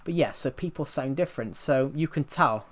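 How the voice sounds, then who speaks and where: On a casual game stream, a young man from the UK with a British, non-London accent talks at normal speed in a medium-pitched, fairly bright voice. He wanders off track, repeats himself, and keeps saying "um" and "if you get what I mean."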